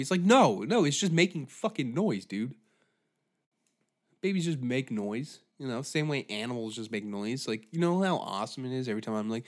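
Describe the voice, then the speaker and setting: A man hosting a podcast who rants in a profane, rambling, animated way. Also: medium pitch, moderate pace, pauses often. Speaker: podcast host. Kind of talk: comedic rant.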